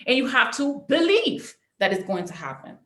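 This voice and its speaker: A woman's voice: sits high, big pitch swings, normal speed, fairly bright tone, reverberant. A woman giving a preachy, emphatic motivational training talk as a network marketing leader, repeating herself for effect.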